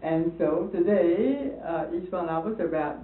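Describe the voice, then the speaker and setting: Brief: woman storyteller, lively quoted voices, distant tinny echoey old recording with light hiss. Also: on the low side, unhurried. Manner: animated, acts out quoted voices, hesitant fillers. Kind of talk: casual storytelling conversation.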